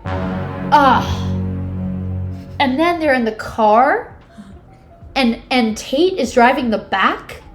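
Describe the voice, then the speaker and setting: A woman's voice: high-pitched, animated, slow, pauses often, soft background music. A woman in her twenties co-hosting a podcast, summarizing a book in casual chat, full of "like" and dramatic reactions. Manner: chatty, peppered with "like", dramatic disgust reactions. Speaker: podcast co-host.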